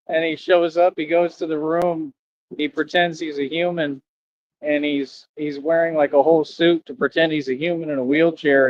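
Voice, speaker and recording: A man's voice: a little high, no echo. A man livestreaming outdoors near traffic, rambling and preachy, repeating himself as he asks viewers for donations. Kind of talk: casual rambling livestream talk. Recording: dull lo-fi stream audio.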